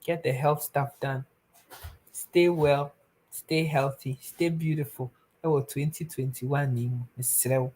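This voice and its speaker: Woman, Ghanaian accent, young adult, live stream host, casual advice, earnest and pleading, slow pace. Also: extremely low pitch, steady tone, a little mellow. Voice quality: pleading, earnest, switches between Twi and English. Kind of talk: casual advice talk to viewers.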